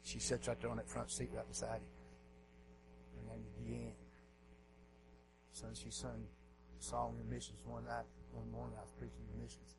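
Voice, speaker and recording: A man preaching a folksy revival sermon in a church, dropping to quiet asides and rising to shouts. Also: completely flat delivery, normal speed, pauses often, background noise. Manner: folksy, swings from low murmurs to hoarse shouting.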